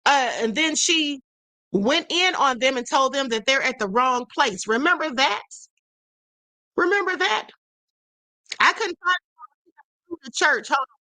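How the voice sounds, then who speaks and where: A woman hosting a livestream, giving animated commentary, laughing often and reading out viewer comments. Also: high-pitched, a little slow, pauses often, dry recording. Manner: repeats "please pay attention". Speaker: host.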